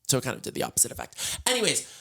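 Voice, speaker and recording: A tired, slightly hoarse man hosting a solo podcast from his bed, chatting in a rambling, scattered, self-mocking way. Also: medium pitch, wildly swooping pitch, rapid-fire, a bit bright. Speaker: podcast host. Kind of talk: solo casual chat. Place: in bed at home.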